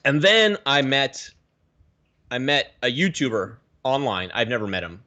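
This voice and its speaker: A man from the Pacific Northwest, a guest telling his story in a rambling, animated way with many restarts, on a video call. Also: medium pitch, measured pace. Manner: animated, rambling, self-correcting. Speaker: guest, aquarium YouTuber.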